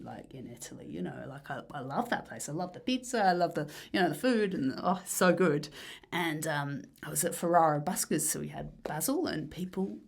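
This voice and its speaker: Low husky woman, dreamy rambling talk. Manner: rambling, dreamy, lots of fillers and soft breathy asides. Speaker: musician guest. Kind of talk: casual interview chat.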